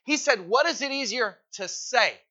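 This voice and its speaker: High bright-voiced preacher. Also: male voice, expressive, normal speed, highs cut off. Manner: conversational, teasing the congregation with questions. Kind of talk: sermon. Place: church hall.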